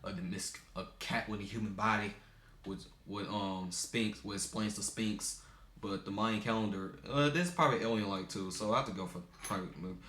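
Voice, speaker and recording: In an echoey room, a young American video maker delivers rambling, casual commentary at a fairly quick clip. His voice sits on the low side with a fairly bright tone, and he often stumbles and corrects himself as he goes.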